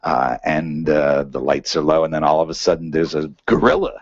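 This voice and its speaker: A man's voice: very deep voice, fairly even intonation, normal speed, no echo. A man giving a conversational academic seminar talk, full of fillers and "right?" checks. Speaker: seminar speaker. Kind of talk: academic lecture. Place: seminar room. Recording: dull muffled lecture recording.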